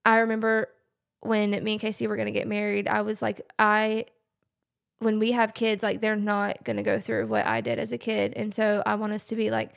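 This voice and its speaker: Soft-spoken young woman guest. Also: mid-range voice, monotone, moderate pace, creaky. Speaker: podcast guest. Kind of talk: casual chat.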